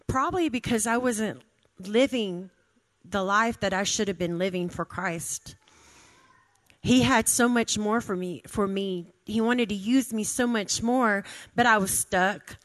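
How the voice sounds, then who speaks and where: A church speaker in her thirties gives an informal, conversational sermon, repeating phrases for emphasis. Her voice is medium-pitched and a little slow.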